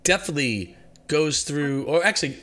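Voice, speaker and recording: A man narrating a tabletop game as game master, halting with many pauses and restarts. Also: a little high, animated, a bit bright.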